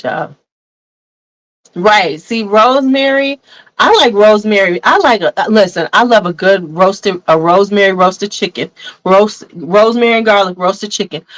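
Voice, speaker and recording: In a casual fragrance review vlog with poor audio, a medium-pitched woman talks perfume with her audience. She's frank and blunt, often addressing viewers as "y'all."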